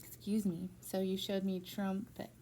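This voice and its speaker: A woman teacher giving a patient one-on-one phonics lesson in a school room, slowly stretching out words to model their syllables. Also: medium pitch, fairly even intonation, gravelly, dark tone.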